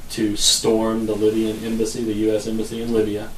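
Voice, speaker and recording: A man's voice: lowish voice, monotone, fairly quick. A man co-hosting a podcast, chatting casually and rambling with fillers, recorded in a roomy space away from the mic. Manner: rambling, laid-back, trails off with fillers. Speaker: podcast co-host. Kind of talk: casual chat. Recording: roomy, distant mic, faint noise.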